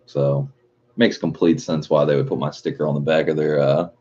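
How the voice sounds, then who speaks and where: A man with a rumbling low, warm, slightly rough voice hosts a livestream at a moderate pace and a steady tone. He rambles loosely, swears constantly, and chuckles often in casual, profane chat. The stream audio sounds dull and lo-fi.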